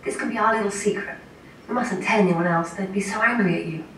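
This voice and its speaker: A woman's voice: mid-range voice, quick pace, a bit bright, a little hiss or hum, natural voice. A woman voicing a manipulative, controlling abuser who coos sweetly and then turns cruel, in a scratch track. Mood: hushed coaxing. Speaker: scratch voice for an animatic. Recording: echoey room, played from far off.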